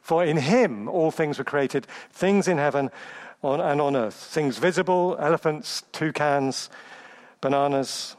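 A man's voice: a little high, a little slow. A man preaching a sermon, emphatic, building through lists and rhetorical questions.

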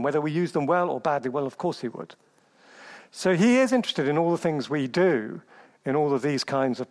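A man preaching a sermon, emphatic, building through lists and rhetorical questions. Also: on the high side.

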